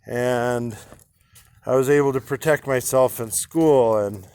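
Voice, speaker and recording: A man speaking candidly to his own camera, halting with restarts and casual swearing, in an inspirational personal monologue. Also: mid-range voice, a little mellow, smooth. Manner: halting, with frequent restarts and fillers.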